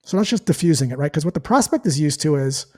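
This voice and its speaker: A man's voice: fairly high pitch, animated, fast talker, mellow. A man who works as a sales trainer, answering interview questions in a teaching tone and acting out sample call lines. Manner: explains with acted-out call examples.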